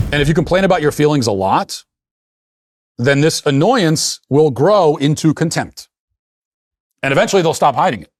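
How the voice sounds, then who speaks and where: A man's voice: fairly high pitch, animated, normal speed, long pauses, soft background music. A man hosting a show and delivering a blunt, emphatic opinion monologue in a lecturing tone. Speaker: political commentator hosting a show.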